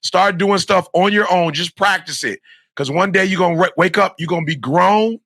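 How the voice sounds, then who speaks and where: A middle-aged man preaching motivation to kids, his voice pitched a little high with a gravelly, fry-laden edge. The tone is bright and forceful, and every point gets hammered home through repetition. He sounds close and dry, with no room around him. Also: moderate pace, no room sound. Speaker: motivational speaker. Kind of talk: motivational talk to young students.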